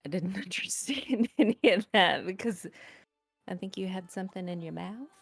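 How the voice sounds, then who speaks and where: A woman's voice: mid-range voice, moderate pace, slightly rough. A woman, a player on a tabletop game stream, chatting playfully and joking with the group. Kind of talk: casual chat.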